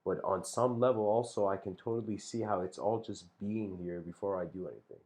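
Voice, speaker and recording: A man's voice: fairly low pitch, fairly quick, a little mellow. A man giving a talk, telling a story in a laid-back, rambling way with lots of fillers and restarts. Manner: chuckles between phrases. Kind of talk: casual spoken storytelling and reflection.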